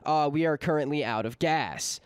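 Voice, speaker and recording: A man voicing a polite, calm young gas station cashier. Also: fairly high pitch, normal speed, smooth, dry recording, studio quality, pitched below the performer's own voice, close to an everyday voice. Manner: calm, respectful, laid-back.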